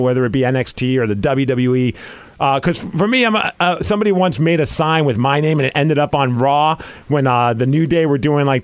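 A man of forty hosting a casual interview, an excitable and eager fan. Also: medium pitch, clean tone, no echo. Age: 40s. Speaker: podcast host.

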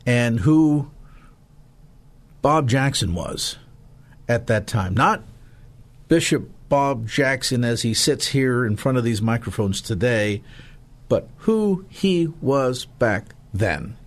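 A man interviewing a guest in a relaxed, joking way and leading into questions. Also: medium pitch, slow pace, long pauses. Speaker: interviewer, host. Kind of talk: conversational interview.

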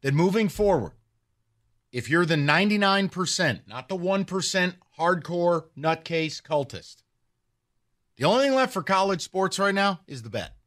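A man's voice: high-pitched, normal speed, dry recording. Guy hosting a sports podcast, fired up, lots of rhetorical questions, dry mic. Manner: animated, opinionated, rhetorical questions. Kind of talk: casual sports talk.

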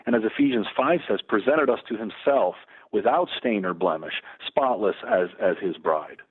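A man's voice: lowish voice, expressive, breathy edge. A middle-aged man, a Lutheran campus pastor, talking earnestly as a radio guest, often restarting his sentences. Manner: earnest, halting with many restarts. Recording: tinny phone line.

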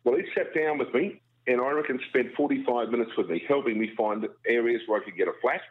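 Fast-talking Australian man on a phone line. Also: medium pitch, breathy edge. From Brisbane, Australia. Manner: jokey, animated, self-deprecating. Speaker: guest broadcaster. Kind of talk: casual radio chat, storytelling.

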